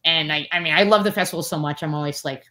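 A woman in her forties, a guest in a casual interview, telling stories with lots of fillers and lively quoted voices. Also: quick pace. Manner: animated, many fillers, acts out quotes in a higher voice. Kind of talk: casual storytelling chat.

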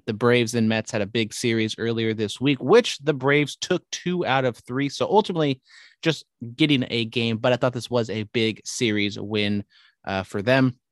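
A man co-hosting a casual sports podcast talks baseball standings with upbeat, wry banter, jumping between stats and jokes. His voice is mid-range at a moderate pace, recorded at studio quality with no room sound.

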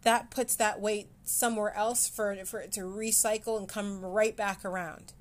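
Brief: woman hosting a personal podcast, candid and self-mocking, halting delivery, emotion just beneath the surface. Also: medium pitch, steady tone. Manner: candid, self-deprecating, halting with fillers and restarts. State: close to tears at times. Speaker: podcast host. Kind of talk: personal mental health podcast.

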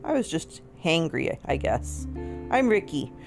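A woman reading aloud, voicing a rude, street-tough male raccoon who talks gruff and demanding. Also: low-pitched, big pitch swings, a little slow, exaggerated voice. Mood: friendly. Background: soft guitar music.

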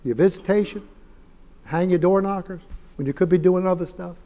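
A man preaching a fiery sermon in a church, folksy and swelling into loud emphatic bursts. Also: high-pitched, brisk, pauses often. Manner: folksy, rising to shouted emphasis.

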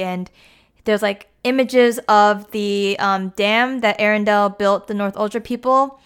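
A woman's voice: medium pitch, steady tone, measured pace, smooth. Chatty young woman recapping a movie. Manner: chatty, filler-heavy, acts out quotes. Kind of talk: casual film recap.

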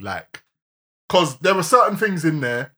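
Animated young man. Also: a little high, a little slow. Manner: animated, loud bursts, slang-heavy. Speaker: podcast co-host. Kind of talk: casual chat.

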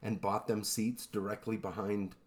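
A man co-hosting a podcast, telling eerie stories in a relaxed, rambling way with lots of fillers. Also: lowish voice, moderate pace. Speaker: podcast co-host. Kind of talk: casual storytelling chat.

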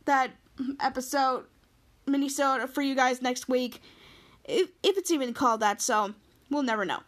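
Casting: woman podcast host with a high voice, recapping a show in a loose, chatty, rambling way. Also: a bit bright. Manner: rambling, chains lines with "and he's like".

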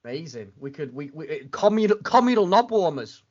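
A man's voice: a little high, sing-song, a little fast, a little mellow. A man hosting a running podcast, chatting casually and rambling with many restarts. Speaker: podcast host. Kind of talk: casual chat. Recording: dull lo-fi sound.

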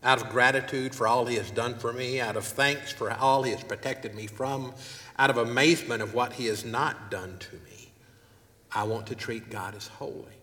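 A mid-range male voice with fairly even intonation and a sharp tone moves at normal speed through a sermon. On a wireless mic in a church hall, he reads scripture and earnestly asks the congregation questions, and long reverb echoes around the hall.

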